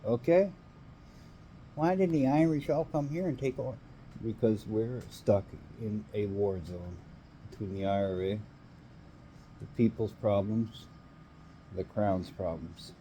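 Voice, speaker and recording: A man's voice: on the low side, unhurried, long pauses, dark tone, slight background noise. A Canadian man ranting in an angry, emphatic monologue, swearing now and then.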